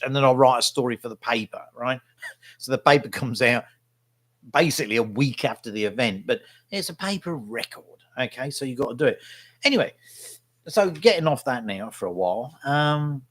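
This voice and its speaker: A middle-aged man rambles through a casual vlog, free with his opinions and forever checking in with "right?". His voice sits in an ordinary middle pitch, and it is recorded close and dry, with no room sound around it. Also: fairly bright tone, no echo. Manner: opinionated, chatty, keeps tagging "right?". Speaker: vlogger and local newspaper photographer.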